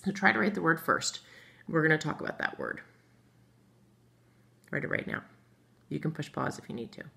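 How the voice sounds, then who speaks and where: Patient low-voiced woman teaching first grade. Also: lively intonation, normal speed, creaky, pushed and bright. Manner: patient, encouraging, spells words letter by letter; writes on a board while talking. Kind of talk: recorded remote phonics lesson.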